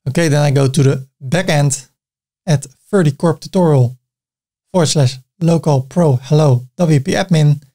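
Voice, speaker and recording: A man with a Dutch accent, a native Dutch speaker, hosting a screen-recorded software tutorial, narrating each click step by step with casual asides. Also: a little high, normal speed. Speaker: tutorial host.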